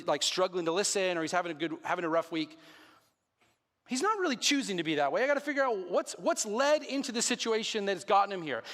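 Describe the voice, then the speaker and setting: In a church sanctuary with long hall reverb, a pastor in his thirties preaches a sermon. His voice is high-pitched and a bit bright, and he speaks earnestly and conversationally, adding self-deprecating asides.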